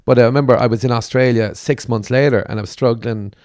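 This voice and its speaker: A man's voice: mid-range voice, fairly even intonation, fast, a little mellow, dry recording, studio quality. A middle-aged man, a comedian guest telling stories in casual podcast chat and acting out the people he quotes. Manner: vivid storyteller, acts out the people he quotes.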